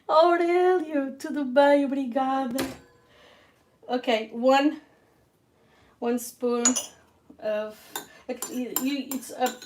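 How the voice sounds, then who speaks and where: A woman's voice: fairly high pitch, darkish tone, slight background noise, rough recording. Chatty woman cooking live. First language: Portuguese. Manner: chatty, laughs often, speaks straight to viewers. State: feeling weak and ill. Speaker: cooking channel host. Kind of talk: live-stream cooking chat. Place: home kitchen.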